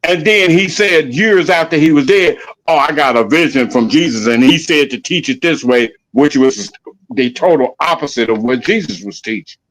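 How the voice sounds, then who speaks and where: A man's voice: a little high, normal speed, a bit bright. Man arguing hard on a podcast. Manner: argumentative, pressing his point repeatedly. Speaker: podcast co-host. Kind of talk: heated casual debate.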